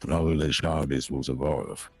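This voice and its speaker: A man voicing a grandiose, menacing male villain in a tabletop role-play game, with a gravelly, husky voice. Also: very deep voice, faint music behind, exaggerated voice. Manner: slow grandiose villain monologue.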